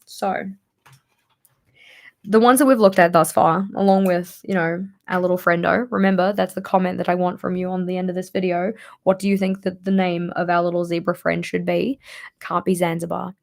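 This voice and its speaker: Hoarse, gravelly-voiced woman vlogger. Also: fairly low pitch, little pitch movement, moderate pace, darkish tone. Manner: chatty, rambling with many fillers. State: tired, hoarse voice. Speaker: planner vlogger. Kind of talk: casual show-and-tell chat.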